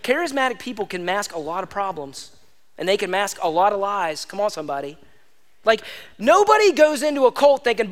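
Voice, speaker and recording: A man's voice: sits high, sing-song, a little fast. A man preaching a sermon as pastor, emphatic and exhorting, repeating lines for stress. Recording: long hall reverb.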